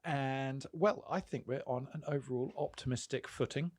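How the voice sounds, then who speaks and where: A man from England hosts a relaxed podcast, thinking aloud with plenty of ums and breaking into easy laughter. His voice sits at an ordinary pitch for a man. It is recorded dry and close, with no room sound. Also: no room sound. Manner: easygoing, rambling with ums, quick to laugh. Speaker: podcast host. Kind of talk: casual chat.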